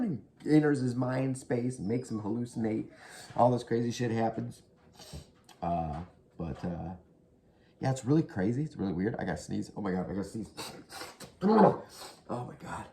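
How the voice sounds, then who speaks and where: A man with a mid-range, warm voice talks fairly quickly, rambling casually through horror movie recommendations. He's profane and half-whispering, sitting close to the mic indoors at home, with slight background noise.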